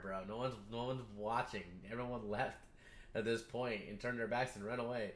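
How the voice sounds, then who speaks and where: A man reacting casually to an anime episode, swearing freely and breaking into excited outbursts at the screen. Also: mid-range voice, normal speed. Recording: roomy echo.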